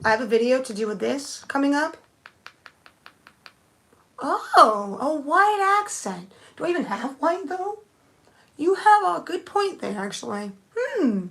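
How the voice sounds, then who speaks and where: A woman's voice: sits high, very animated, unhurried, vocal fry, pauses often, a bit bright. A young woman thinking aloud in a rambling, casual live-stream chat, answering viewers with many restarts. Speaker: nail art streamer.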